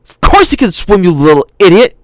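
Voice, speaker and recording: A man voicing an angry, bossy young boy in an audiobook, shouting and scolding. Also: high-pitched, very animated, brisk, no room sound, voice pushed up.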